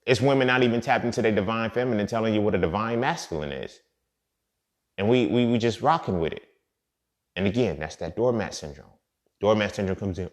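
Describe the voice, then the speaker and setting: A podcast host delivers a casual monologue, blunt and profane, repeating his points as he swings between loud, emphatic outbursts and quiet, muttered asides. His voice is lowish, and he talks fast.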